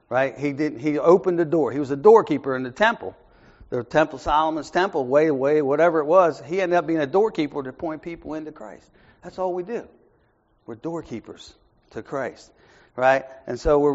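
Man preaching at a Bible study, conversational, soft asides then raised emphasis, somewhat high voice, muffled lo-fi recording. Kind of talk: informal Bible study sermon.

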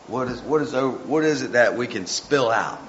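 A man's voice: medium pitch, expressive, moderate pace, a bit bright, slight background noise. A man giving an informal devotional talk, folksy and rambling, with chatty asides to the listeners. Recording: muffled with faint background ambience.

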